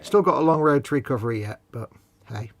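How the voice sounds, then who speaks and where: A man's voice: medium pitch, lively intonation, quick pace, gravelly, dry recording. A man co-hosting a live model-building stream, joking and teasing, explaining things at length. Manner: jokey, teasing, rambling explanations. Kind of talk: casual chat.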